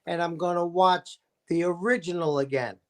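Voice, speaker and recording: Brief: high-pitched man, enthusiastic storyteller, casual guest chat. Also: steady tone, moderate pace. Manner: enthusiastic storyteller with gravelly impressions.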